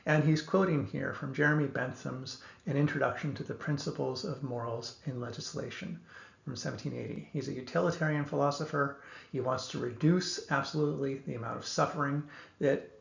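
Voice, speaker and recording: A man giving an explanatory lecture, speaking in a measured way and thinking aloud with small restarts. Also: mid-range voice, steady tone, gravelly. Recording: echoey room, dull lo-fi sound.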